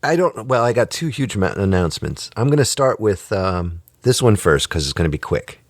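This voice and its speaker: A man's voice: fairly low pitch, sing-song, normal speed, dry recording, clean studio sound. A man hosting a casual podcast chat, joking and teasing his co-host. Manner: teasing, jokey, prone to laughing fits.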